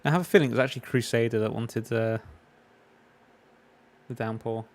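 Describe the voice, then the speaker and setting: An English man talking casually during a game stream, wandering from story to story. He fills pauses with frequent "uh"s and restarts, keeping a loose, chatty flow. His pitch sits in an ordinary middle range. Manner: rambling, anecdotal, many fillers. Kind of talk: casual chat while gaming.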